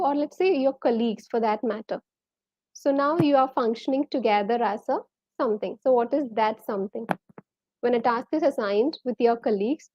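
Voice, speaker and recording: A woman's voice: fairly high pitch, no echo, lo-fi sound. A woman with a Malayali accent teaching a live online English lesson, quizzing viewers and reading out their names and answers.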